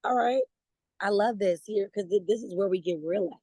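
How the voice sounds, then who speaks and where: A woman rallies her sales team over a video call. She talks casually, restarts her sentences and laughs between thoughts. Her voice sits at a middle pitch, and the sound is dry and close. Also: normal speed, no room sound, low-quality recording. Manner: animated, conversational, repeats words, laughs while talking. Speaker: network marketing team leader. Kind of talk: motivational talk on a video call.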